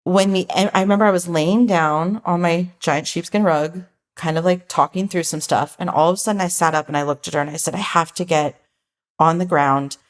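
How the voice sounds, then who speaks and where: A woman guest on a podcast, earnestly recounting a personal experience, slow and reflective at times, then animated as she retells moments. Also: on the low side. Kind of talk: personal storytelling in an interview.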